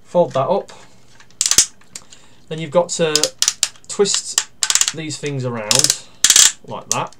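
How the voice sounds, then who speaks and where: A man giving a casual toy review. He talks through each step while handling the toy, pausing and using fillers, and grumbles dryly about its flaws. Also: a little high. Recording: steady background noise with plastic clicks.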